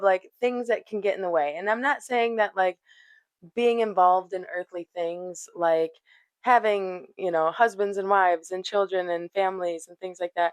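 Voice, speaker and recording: A woman's voice: mid-range voice, no room sound. A woman hosting a yoga talk, chatty and loose, cursing and laughing as she tells a story. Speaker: yoga teacher and podcast host. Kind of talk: casual spiritual talk.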